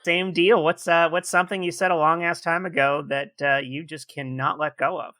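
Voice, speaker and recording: Bright-voiced male podcast host. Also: on the high side, fairly even intonation, normal speed. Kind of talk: casual chat.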